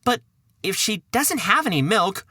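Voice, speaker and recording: A man voicing a poor, fretful old mother in a wailing high falsetto in a storybook podcast. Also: very animated, a little slow, pushed and bright, dry recording, studio quality, heavily acted. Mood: scolding.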